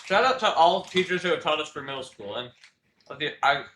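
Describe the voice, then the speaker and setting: Teen guy rambling about school stuff, bright voice, echoey room with a bit of hiss. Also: on the high side, lively intonation, brisk. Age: teens. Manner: rambling, many fillers and restarts, laughs often. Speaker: podcast co-host. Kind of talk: casual chat. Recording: echoey room with faint noise.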